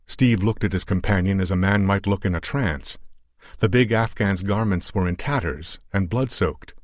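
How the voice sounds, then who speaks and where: A man narrating a pulp adventure story in a measured, dramatic audiobook reading on a close mic. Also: low voice, dry recording.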